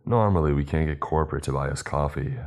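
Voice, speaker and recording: Guy reading a chill joking shipmate in a horror story, really deep voice. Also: fast talker, a little mellow, soft background music. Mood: cajoling. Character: upbeat male ship crewmate.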